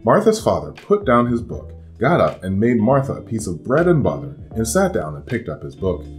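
A man's voice: fairly low pitch, wildly swooping pitch, moderate pace. A man reading a picture book aloud to children, giving each character a voice. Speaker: storybook reader. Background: soft guitar music.

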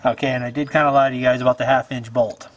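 A man talks through a do-it-yourself car repair in his home garage, chatting to viewers and poking fun at himself as he works. His voice sits in an ordinary middle pitch. A faint hiss of background noise runs under the camera-mic sound, and he drifts closer to and farther from the mic as he moves around. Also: flat delivery, very fast. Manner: chatty, self-deprecating, talks to viewers while working. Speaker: homesteading channel host. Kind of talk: casual DIY repair tutorial.

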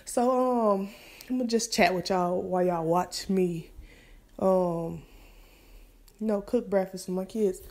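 Chatty young mom vlogger. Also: female voice, mid-range voice, measured pace, long pauses. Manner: chatty, relaxed, many fillers, speaks straight to viewers. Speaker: vlogger and mother. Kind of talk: casual cooking vlog chat. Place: home kitchen, indoors.

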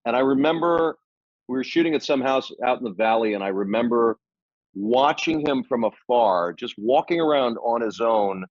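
Middle-aged male actor guest, lively anecdotes, casual swearing, dull dry recording. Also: mid-range voice, moderate pace, dry recording. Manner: animated, swears casually, many restarts.

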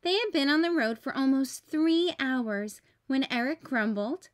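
A woman teacher reading a children's storybook aloud, clear and expressive. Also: high-pitched, measured pace, hardly any pauses.

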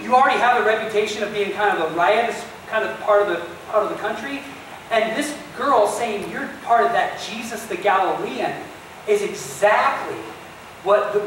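A male pastor delivers a sermon with animated emphasis and talks straight to his listeners. His voice rings through a very reverberant church. It is picked up from a distance, with a faint hiss underneath. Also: sits high. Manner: animated storytelling preacher, addresses listeners directly. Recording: very echoey distant church recording.

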